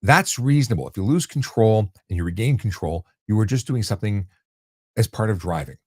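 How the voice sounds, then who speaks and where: A man's voice: lowish voice, lively intonation, brisk, breathy edge, no echo, clean studio sound. A man hosting a casual live question-and-answer stream about traffic law, talking bluntly and conversationally with frequent restarts. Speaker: host answering viewer questions.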